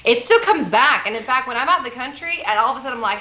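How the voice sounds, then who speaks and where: Woman, Texas Valley native, podcast guest; high, bright, laughing, self-mocking, echoey room. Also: muffled recording. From Rio Grande Valley, Texas. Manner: laughing, self-deprecating, quick storytelling. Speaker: guest, news correspondent. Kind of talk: casual podcast chat.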